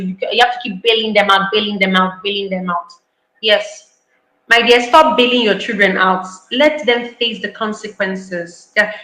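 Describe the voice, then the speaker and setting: Emphatic high bright-voiced woman. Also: echoey room, rough recording. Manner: emphatic, repeats key lines, acts out parents' voices. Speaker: parenting speaker. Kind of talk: online parenting talk.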